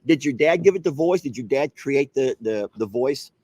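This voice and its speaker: A man's voice: mid-range voice, expressive, moderate pace, dark tone, no room sound. A man hosting a casual coffee chat, playful and teasing, laughing often. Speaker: host.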